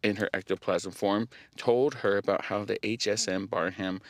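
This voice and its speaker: A young man hosting a podcast, telling a story in casual chat, animated, often laughing and using lots of fillers. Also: lowish voice, moderate pace, dry recording. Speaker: podcast host.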